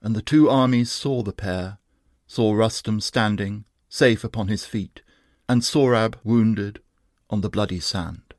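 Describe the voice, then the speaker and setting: A man reciting a narrative poem in a slow, measured, steady manner. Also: fairly low pitch, no room sound, clean studio sound. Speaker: reader. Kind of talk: narrative poetry reading.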